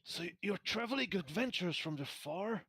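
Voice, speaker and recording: A man's voice: high voice, expressive, normal speed, sharp tone, husky, voice pushed up, heavily acted. A man voicing a talkative soldier escort who keeps asking questions. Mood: curious. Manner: wondering, questioning tone.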